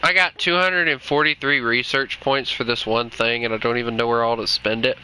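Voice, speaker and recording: A man's voice: mid-range voice, fairly even intonation, a little fast, bright, forceful tone, poor audio. Joking Southern man streaming a game. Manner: joking, rambling, self-mocking. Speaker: gaming streamer. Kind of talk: casual gameplay commentary. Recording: game noise behind.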